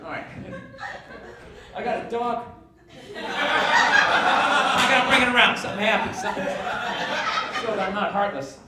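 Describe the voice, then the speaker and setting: A man doing a stand-up comedy set, ranting and profane, swinging from low grumbles to shouted outrage. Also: unhurried, long pauses. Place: comedy club stage with audience laughter. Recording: echoey live stage recording from a distance, loud noise.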